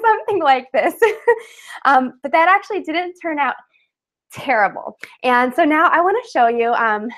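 A cheerful woman talking through a home craft project on a webcam livestream. She keeps it casual and chatty, with easy fillers and a somewhat high voice. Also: a bit bright. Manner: chatty and upbeat, with laughs and fillers. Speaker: craft webinar host. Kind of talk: casual live craft demonstration.

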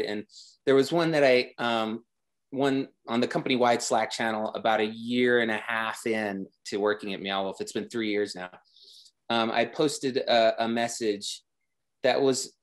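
A man talking as a guest designer in a casual interview, rambling with many restarts and growing enthusiastic. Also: medium pitch.

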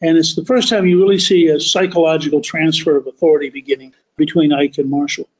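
A man hosting a podcast, telling a history story as a deliberate, emphatic monologue that stretches key words. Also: on the high side, steady tone, dull audio. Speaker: podcast host.

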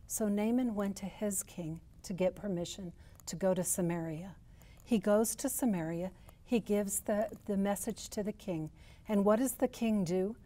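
Woman, church teaching, mellow warm tone, storytelling, acts out quoted thoughts. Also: mid-range voice. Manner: storytelling, voicing quoted thoughts with rising force. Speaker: marriage and family therapist teaching at church.

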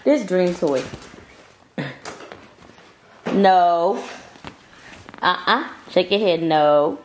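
A woman's voice: on the low side, lively intonation, takes it slowly, slight background noise. A woman making a casual home vlog, coaxing her baby in sing-song baby talk and chatting to viewers at home. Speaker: vlogger and mother. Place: home with wood and tile floors.

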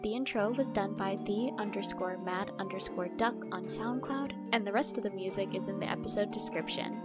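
A woman running a tabletop game podcast as game master, upbeat and quick to laugh. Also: medium pitch, loud music behind the voice. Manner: giggly, upbeat.

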